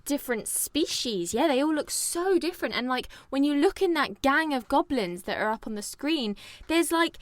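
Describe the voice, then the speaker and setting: A woman co-hosting a film podcast, talking in an animated, rambling way with lots of fillers. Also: high voice, normal speed, hardly any pauses, dry recording. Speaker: podcast co-host. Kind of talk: casual chat.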